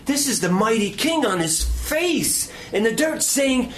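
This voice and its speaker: A man delivering an impassioned sermon. His voice sits high and swings widely in pitch, rising on emphatic lines and dropping to hushed near-whispers. A faint room ambience hangs behind him. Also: animated, unhurried, hardly any pauses, a little hiss or hum. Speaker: pastor.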